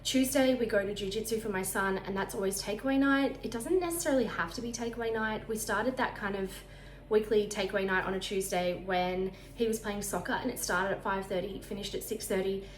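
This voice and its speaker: Aussie mum vlogging at home, talks super fast and a bit breathless, echoey room with a little hiss. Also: female voice, medium pitch. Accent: Australian. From Australia. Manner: fast-talking, chatty, sounds out of breath. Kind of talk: casual chat.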